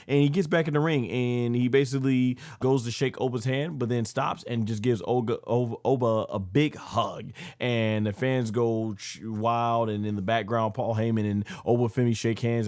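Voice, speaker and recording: A man's voice: medium pitch, darkish tone, no echo, studio quality. A man giving a casual wrestling review, rambling, with many fillers and self-corrections.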